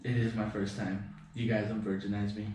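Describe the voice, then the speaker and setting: A man's voice: lowish voice, flat delivery, brisk, mellow, distant mic. A young man guesting on a podcast tells loose, rambling stories, swearing and making joking boasts. His voice is heard from a little off the mic in a very reverberant room. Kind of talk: casual chat.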